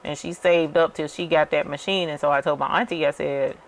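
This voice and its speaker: Low gravelly-voiced woman rambling casually to her viewers, lots of y'all and um. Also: fairly even intonation, a little fast. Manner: chatty, addresses viewers as y'all, many fillers. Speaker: crafting channel host. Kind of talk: casual storytelling while working.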